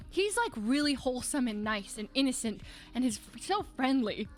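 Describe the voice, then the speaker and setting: High-voiced young woman rambling casually. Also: animated, fast, soft background music. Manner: rambling storytelling full of "like", with laughter. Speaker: livestreamer. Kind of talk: casual chat.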